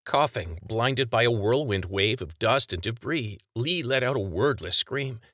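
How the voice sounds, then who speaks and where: A man reading his own story aloud as scripted audiobook narration, with a measured, even storytelling delivery. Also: mid-range voice, dry recording, studio quality.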